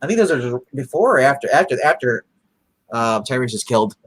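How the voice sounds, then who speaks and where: Guy rambling excitedly bout comics, stumbles and restarts a lot, mid-pitched voice. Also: fairly quick, breathy edge. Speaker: comic review co-host. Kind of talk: casual chat.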